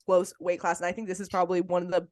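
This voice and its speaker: A woman's voice: lowish voice, little pitch movement, racing, darkish tone. A woman co-hosting a casual sports podcast, talking with enthusiasm and laughing often. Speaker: podcast co-host.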